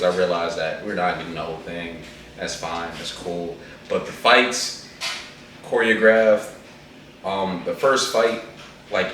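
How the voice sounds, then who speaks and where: A man with a low voice chats in an animated, slangy ramble. He sits away from the mic in a very echoey room. A faint hum runs under him. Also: recorded from a distance. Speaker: co-host reviewing an anime movie. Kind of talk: casual chat.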